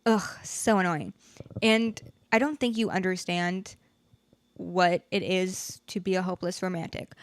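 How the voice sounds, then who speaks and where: A woman's voice: lowish voice, a little slow, no echo. A young woman hosting her own podcast, talking candidly and venting with frequent swearing. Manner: frank and profane, animated venting. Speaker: podcast host. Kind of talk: candid solo podcast chat.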